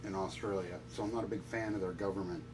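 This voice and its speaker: A man bantering on a podcast, blunt and crude with a deadpan delivery. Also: deep voice, fast, music in the background.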